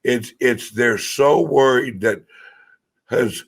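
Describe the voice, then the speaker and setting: A man with a low, gravelly voice and a husky edge hosts a casual podcast chat. He speaks slowly, bluntly and with profanity, often stumbling into restarts. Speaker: podcast host.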